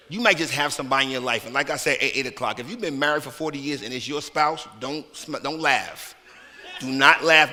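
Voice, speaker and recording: A male minister preaching a lively, conversational sermon, slipping into colloquial talk and playful put-on voices. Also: sits high. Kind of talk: lively sermon with acted asides. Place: church sanctuary. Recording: long hall reverb from church sanctuary.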